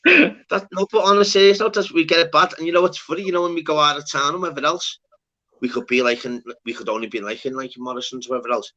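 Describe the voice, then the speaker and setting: Scouse man, young adult, swearing banter, bright and slightly high voice. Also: fast, lo-fi sound. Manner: swearing, banter-heavy, laughs often. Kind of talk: casual chat.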